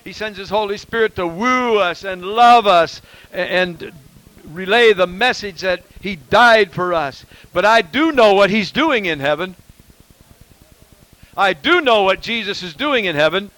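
High-voiced emphatic male preacher. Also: expressive, a little slow, dry recording, rough recording. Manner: emphatic preaching, swings from loud exclamations to quiet asides. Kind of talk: sermon.

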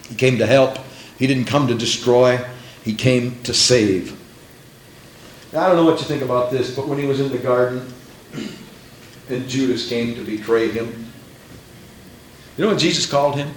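A man preaching a sermon, swinging from hushed tones to shouted, dramatic passages. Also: mid-range voice, normal speed, long pauses. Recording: roomy echo with faint background noise.

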